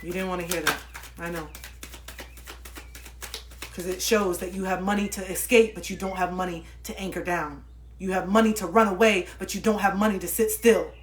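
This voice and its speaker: A woman in her thirties giving spiritual life coaching on a livestream, preaching with a lot of swearing and swinging between loud outbursts and low murmurs. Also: steady tone, moderate pace, pauses often, slight background noise. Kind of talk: impassioned livestream monologue.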